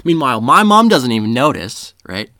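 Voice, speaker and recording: A man's voice: mid-range voice, very animated, normal speed, sharp tone, no room sound, clean studio sound. A man telling a comedic story in a rambling, profane way, laughing at his own jokes.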